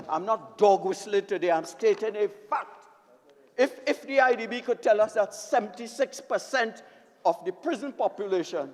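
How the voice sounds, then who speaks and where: High-voiced impassioned Trinidadian man in parliament. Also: a bit bright. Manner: impassioned, emphatic, repeatedly addresses the Speaker. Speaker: member of parliament. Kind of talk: parliamentary debate speech. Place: parliament chamber. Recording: long reverb of a debating chamber.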